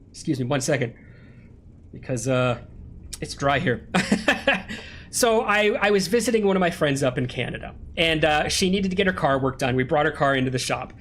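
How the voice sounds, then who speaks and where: A man's voice: on the high side, a bit bright. A young American man streaming a game, chatting casually with viewers and rambling through stories while laughing at himself. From United States. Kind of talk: casual live-stream chat while gaming. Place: home streaming room with a green screen.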